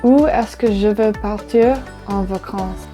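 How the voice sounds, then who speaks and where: A woman from Canada playing a learner in a lesson sketch, playful and expressive. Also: mid-range voice, measured pace. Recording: clear background music.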